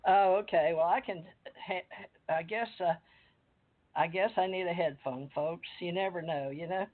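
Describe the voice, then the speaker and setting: An older woman hosts a casual call-in interview over a tinny phone or computer line, chatting and rambling as she reads a bio aloud. Her voice is lowish and a little slow.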